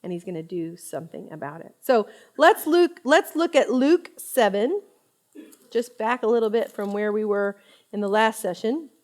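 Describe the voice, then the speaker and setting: A woman in her thirties giving a conversational Bible study talk, chatty and expressive, often laughing as she teaches. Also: medium pitch, normal speed.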